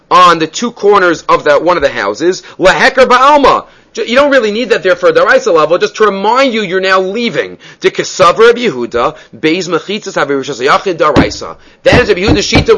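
Teaching a Talmud class, a man reads passages aloud and explains them step by step, often posing questions and answering them himself. His voice is high and a bit bright.

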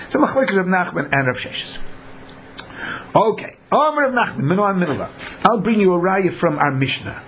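A man's voice: sits high, big pitch swings, moderate pace, fairly bright tone, a little hiss or hum. A man teaching a Talmud class who acts out the people in his examples. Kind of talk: Talmud lecture.

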